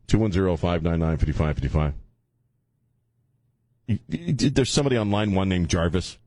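A man's voice: deep voice, animated, brisk, a little mellow, no room sound. A man hosting a call-in radio talk show, loose and jokey, laughing often as he talks. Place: radio studio.

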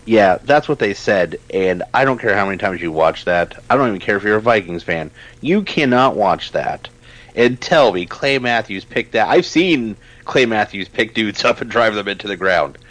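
Animated low-voiced man ranting on a podcast. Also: normal speed, dry recording, rough recording. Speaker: podcast co-host. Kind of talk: casual podcast chat.

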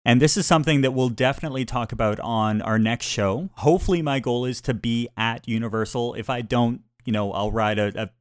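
A man's voice: mid-range voice, fairly quick, few pauses, smooth, no room sound, studio quality. A man co-hosting a casual chat show, talking in an eager, agreeable way. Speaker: podcast co-host.

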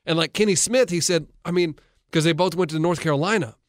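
This coach and co-host talks fast in a higher-pitched voice, recorded in a studio with no echo. Chatting casually about sports, he tells stories eagerly, quotes others, and restarts many times.

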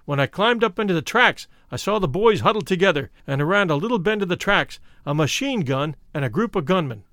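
Lively, high-voiced male memoir reader. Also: fairly quick, dry recording, clean studio sound. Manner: expressive, shifts to stirring emphasis. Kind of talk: dramatic reading of a first-person memoir.

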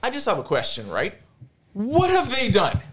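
A man's voice: sits high, huge pitch swings, normal speed. A man hosting a casual sports chat, ranting heatedly and profanely as a loyal fan. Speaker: podcast host.

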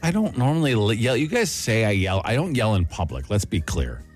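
Male radio host, middle-aged, low voice that swings widely, jokey banter, faint music bed. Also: a little fast. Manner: animated, laughs often, jokey. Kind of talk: casual chat.

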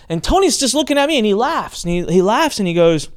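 Animated man hosting a podcast. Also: high-pitched, quick pace, few pauses. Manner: animated storyteller, acts out quoted voices. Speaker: podcast host. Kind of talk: casual interview intro.

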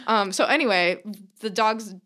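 A young woman co-hosting a podcast, telling a long, animated anecdote in casual chat, full of fillers and swearing. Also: medium pitch, moderate pace. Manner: animated storyteller, filler-heavy, swears freely. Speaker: podcast co-host.

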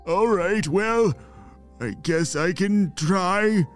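Timid gentle snowman guy from a kids story, man putting it on, hesitant and shaky. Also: high voice, faint music behind. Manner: hesitant, halting. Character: timid male abominable snowman, unsure and gentle.

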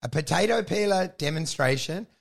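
An Australian man with a high, gravelly voice tells a story in casual podcast chat. He swears freely, acts out quotes and gets loud and shouty as he goes. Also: animated, fairly quick. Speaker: comedian and podcast host.

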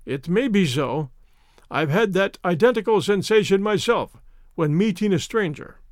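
Guy reading as a sneaky surly russian bad guy in an audiobook, high voice that swings around a lot, dry close sound. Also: lively intonation, normal speed, no room sound. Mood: guarded. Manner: surly, clipped. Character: scheming Russian villain in disguise, surly.

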